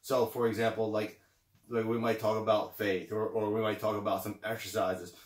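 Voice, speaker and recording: A man speaks in a low voice, slightly winded, in an encouraging, repetitive pep-talk manner. He sits back from the mic, and the room makes his voice sound echoey. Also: little pitch movement, moderate pace, distant mic. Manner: encouraging, repeats phrases, frequent okay and right. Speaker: motivational vlogger. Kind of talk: casual motivational pep talk. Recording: roomy sound, away from the mic.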